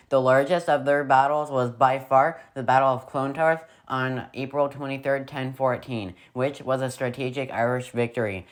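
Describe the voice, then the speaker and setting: A man narrating a history video in a scripted way, with playful, sarcastic asides. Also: mid-range voice.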